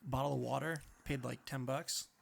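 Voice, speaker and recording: Gravelly young man with wry asides. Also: mid-range voice, fairly even intonation, moderate pace. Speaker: podcast co-host. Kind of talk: casual chat.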